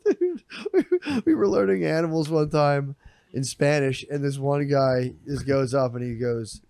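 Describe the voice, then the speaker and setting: A man's voice: mid-range voice, lively intonation, measured pace, vocal fry, a little mellow, no room sound, clean studio sound. A young man in casual chat, telling crude stories and laughing often.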